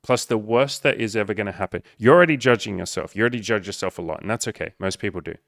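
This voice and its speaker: A man's voice: fairly low pitch, quick pace, creaky, fairly bright tone, no room sound, clean studio sound. Blunt, profane male dating coach. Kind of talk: coaching monologue answering a viewer.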